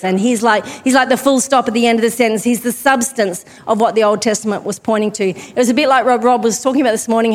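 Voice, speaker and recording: A woman preaching a sermon in a chatty, self-deprecating way, breaking off for asides to the congregation. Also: on the high side. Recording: long hall reverb.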